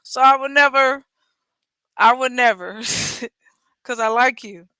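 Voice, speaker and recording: Bright, slow-talking woman hosting a livestream. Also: high voice, clear, resonant tone, no echo. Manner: blunt, joking, profane, teasing chat. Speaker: livestream host. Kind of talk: casual livestream chat.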